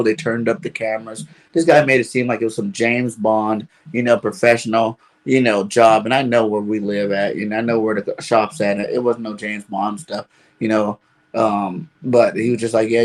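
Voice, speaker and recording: Rambling man telling a story. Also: lowish voice. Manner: rambling, fills with "you know". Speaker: caller. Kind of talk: casual storytelling.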